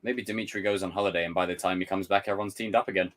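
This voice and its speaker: A YouTube host with a deep, fairly even voice reacts to a trailer on a casual livestream, speaking rapid-fire. He rants, swears freely, and mimics others in exaggerated voices.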